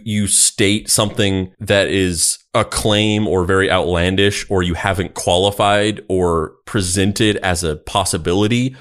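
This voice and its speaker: Rambling low-voiced man, casual chat. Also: a bit bright. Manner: rambling, many fillers and restarts. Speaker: podcast co-host.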